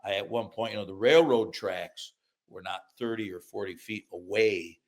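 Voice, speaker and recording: An older man from upstate New York, an author telling lively childhood anecdotes in a podcast interview. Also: lowish voice, moderate pace. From upstate New York, USA. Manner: lively anecdotes, acts out quoted voices, laughs through punchlines. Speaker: author and guest.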